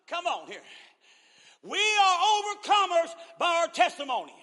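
A man in his sixties preaching a sermon in a church, laughing often and shouting in call-and-response with the congregation. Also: very high voice, sing-song, moderate pace, long reverb tail. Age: 60s.

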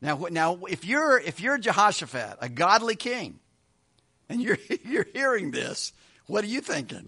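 A man teaching a Bible study as a pastor, retelling scripture with quick voiced asides and chuckles. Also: high-pitched, sing-song, pushed and bright, husky.

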